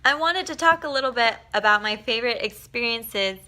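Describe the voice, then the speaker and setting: A young woman talks straight to her camera at home, audibly exhausted and a little giddy. Her voice is bright and forceful, and she laughs, swears and rambles freely in a casual vlog chat. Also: on the high side, animated, a little fast. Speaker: vlogger.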